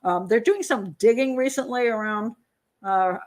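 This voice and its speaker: A woman's voice: on the high side, normal speed. An older woman, a criminal profiler hosting a live show, chatting casually as she reads viewer comments, rambling with lots of fillers and little laughs. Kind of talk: casual live-stream commentary reading chat.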